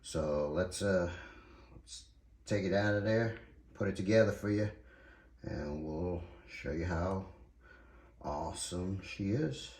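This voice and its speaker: A man's voice: sits low, takes it slowly, pauses often, darkish tone, distant mic. A man with a New York accent hosting a casual collectibles unboxing video, chatty and hyping his reveals straight to viewers. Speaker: collectibles reviewer. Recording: echoey room, voice a bit off-mic.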